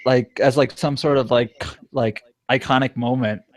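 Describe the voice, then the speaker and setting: A man co-hosts a podcast in casual conversation, rambling with plenty of fillers and restarts. His voice is mid-range, with fairly even intonation and normal speed.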